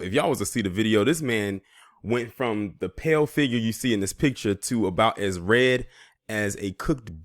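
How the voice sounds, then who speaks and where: Laid-back man, low voice, dry sound. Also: dry recording. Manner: relaxed, conversational, explaining to viewers. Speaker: vlogger commentator. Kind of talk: casual commentary.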